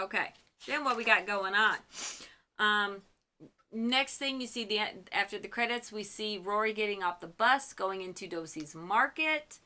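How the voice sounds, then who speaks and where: A young woman from Michigan hosts her own fan channel, recapping an episode in a casual, gushing way. Her voice sits at a middling pitch and has a bright, forward edge. She chats along like an excited fan. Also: normal speed. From Michigan, US Midwest.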